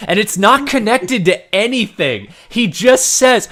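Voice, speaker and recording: A man chatting casually while playing a video game, animated, swearing casually and laughing often. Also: sits high, a little slow. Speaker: gaming video co-host. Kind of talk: casual chat.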